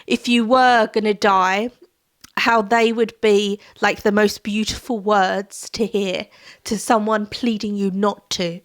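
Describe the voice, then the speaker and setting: A woman's voice: medium pitch, fairly even intonation, slow. Heartfelt, rambling woman book vlogger. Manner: heartfelt, rambling, with many fillers and restarts. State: tearful at times. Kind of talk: casual monthly reading wrap-up.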